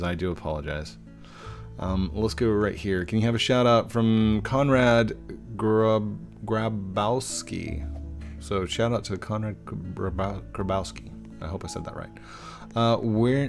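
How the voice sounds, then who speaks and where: A middle-aged man hosting a casual live stream, reading viewer questions aloud in a chatty, goofy way and stumbling over usernames. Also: on the low side. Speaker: game streamer. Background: faint guitar music.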